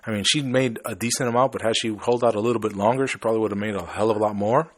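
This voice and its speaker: A man from Chicago hosts a casual podcast in a fairly low voice. He rambles easily from story to story, and the sound is dry and close with no room echo. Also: rapid-fire. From Chicago, USA. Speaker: podcast host.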